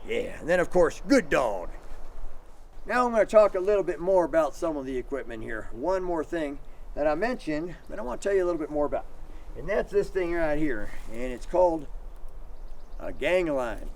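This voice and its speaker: A middle-aged man giving an outdoor dog sledding demonstration for kids, telling stories and acting out the shouted commands. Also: fairly high pitch, brisk, slight background noise. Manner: animated storyteller, acts out shouted commands.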